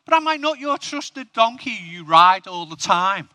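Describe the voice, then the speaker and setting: Talking donkey, male, a man doing it up high, bright and sharp, defensive and pleading. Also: big pitch swings, a little slow, no room sound, studio quality, heavily acted.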